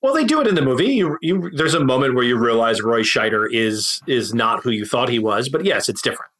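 Casting: American man, 40s, bright and teasing, quick to jump in. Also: medium pitch, expressive. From United States. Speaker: podcast co-host. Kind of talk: casual chat.

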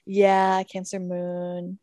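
A woman's voice: lowish voice, completely flat delivery, extremely slow, dark tone, dry recording. A young woman co-hosting a podcast, reminiscing in easygoing casual chat and laughing often. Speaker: podcast co-host.

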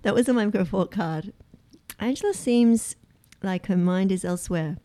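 A woman's voice: mid-range voice, normal speed, warm tone. A woman co-hosting a morning radio show, giggly and self-deprecating in studio banter. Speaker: radio co-host.

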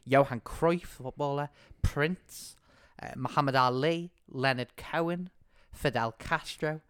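In casual conversation, this podcast co-host is lively and quick to laugh, speaking at medium pitch in an unhurried way. The recording is dry and studio quality, his tone clean.

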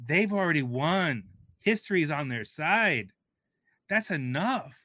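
Slow, deliberate Texan man, bright timbre, halting restarts. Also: a little high, expressive, no room sound. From Texas. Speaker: guest food writer. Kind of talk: radio panel discussion.

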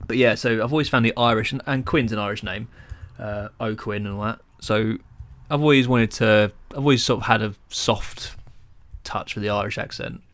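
Swearing man, deep. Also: moderate pace, fairly bright tone. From England. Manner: swears freely, laughs often. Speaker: podcast co-host. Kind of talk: casual crude banter.

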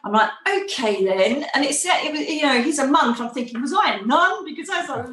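A woman's voice: sits high, expressive, brisk, fairly bright tone, echoey room, low-quality recording. A woman being interviewed, telling a personal story in a chatty way and acting out the dialogue. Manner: chatty, acts out quoted dialogue. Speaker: interview guest.

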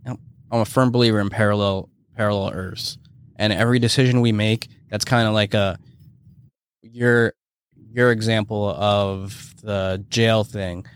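Male podcast co-host, low voice, loose rambling casual chat, swears freely. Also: flat delivery, unhurried, clear, resonant tone, no echo, studio quality. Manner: rambling, heavy use of "like" and swearing.

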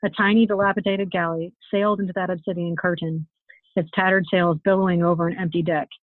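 A woman author reading her own fantasy novel aloud in a steady, expressive storytelling manner. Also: fairly low pitch, fast talker, no echo. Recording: tinny phone-like, dry sound.

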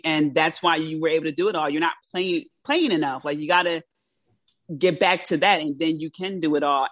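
A woman's voice: low voice, dry recording. A woman from South Philadelphia with a South Philly accent, hosting a casual interview, chatty and laughing often, her speech slightly impeded by teeth brackets. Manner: giggly, chatty, lots of laughter. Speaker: podcast host.

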